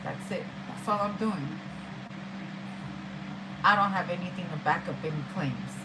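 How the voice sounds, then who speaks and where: A woman's voice: fairly low pitch, normal speed, background noise. A woman doing a casual, rambling tarot reading, swearing often and using street slang. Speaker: tarot reader. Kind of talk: casual spiritual reading monologue. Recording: music playing behind.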